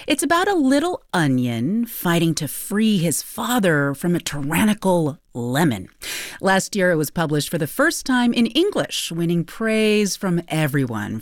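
A woman's voice: on the low side, no echo, clean studio sound. A woman news anchor introducing the next story.

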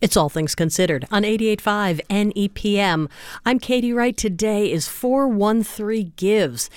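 A woman radio host making an earnest, pleading fundraising appeal in a studio, spelling out a web address slowly. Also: medium pitch, a little mellow, clean tone, dry recording. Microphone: studio microphone.

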